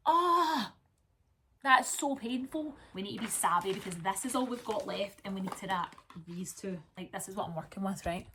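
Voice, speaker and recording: A woman's voice: mid-range voice, steady tone, quick pace, few pauses, noisy background. A Scottish woman vlogging at home, telling a long rambling story in casual chat while wrapping gifts. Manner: chatty, rambling storytelling with asides.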